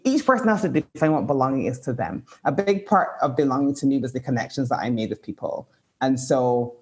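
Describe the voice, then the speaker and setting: Her voice is very deep and a little mellow. As a podcast guest in a casual conversational interview, this author and writing coach shares reflective advice, peppering her speech with "like" and "you know".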